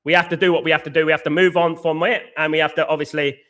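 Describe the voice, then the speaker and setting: Bright-voiced man ranting passionately. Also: a little high, little pitch movement, rapid-fire. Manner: passionate ranting, swears, repeats himself; addresses chat viewers directly as guys and mate. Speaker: football fan channel host. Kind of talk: live reaction stream reading viewer comments.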